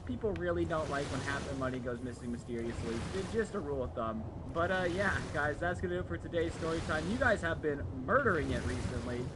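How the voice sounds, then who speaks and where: A man's voice: on the high side, noisy background. A young man telling a casual story-time anecdote, rambling and repeating words. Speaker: gaming video creator. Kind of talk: story time over gameplay. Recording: loud game sound underneath.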